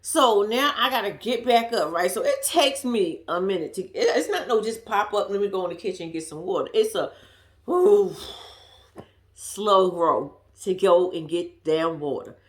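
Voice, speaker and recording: A woman's voice: medium pitch, normal speed. A woman vlogger telling a story to her viewers in casual chat, swearing freely and laughing at herself.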